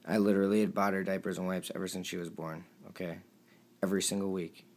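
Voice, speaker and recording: Gravelly low-voiced young man. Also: flat delivery, fast talker. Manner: emotional, pleading, voice drops low and quiet at times. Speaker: vlogger. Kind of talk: reading out text messages to camera.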